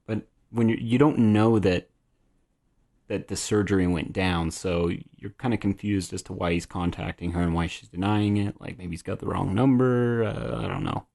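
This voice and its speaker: A man's voice: low voice, fairly even intonation, moderate pace, creaky, darkish tone. A man hosting a casual podcast chat, steering the recap and quizzing his co-hosts. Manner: leads the recap, prompting co-hosts with questions. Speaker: podcast host.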